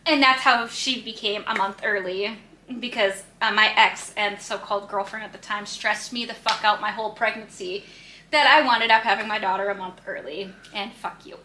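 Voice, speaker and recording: A woman's voice: a little high, fairly even intonation, normal speed, pushed and bright, echoey room, slight background noise. A young woman co-hosting a podcast, telling a blunt story, swearing freely and acting out the voices of people she quotes. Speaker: podcast co-host. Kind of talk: casual storytelling.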